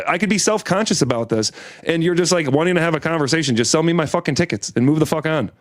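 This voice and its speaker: A man's voice: fairly high pitch, expressive, a little fast, no echo, clean studio sound. A man from Michigan telling exasperated, profane stories in a casual chat. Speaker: podcast co-host.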